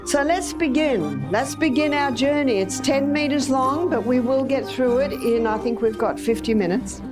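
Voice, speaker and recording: A woman's voice: high-pitched, lively intonation, moderate pace, over music. An Australian woman lecturing an audience on health in a chatty way, repeating phrases for emphasis. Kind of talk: live talk to an audience.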